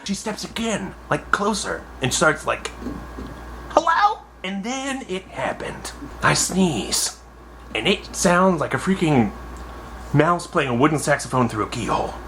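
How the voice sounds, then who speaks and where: A young man telling a comic personal anecdote in an animated, exaggerated way. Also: fairly high pitch, unhurried, slight background noise. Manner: animated, exaggerated, acts out voices. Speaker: storyteller.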